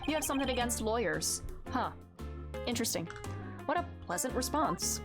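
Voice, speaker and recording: A woman's voice: a little high, expressive, moderate pace, close to an everyday voice. A woman voicing a polite young male defense attorney, reading his lines in her own voice. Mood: dry. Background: game music.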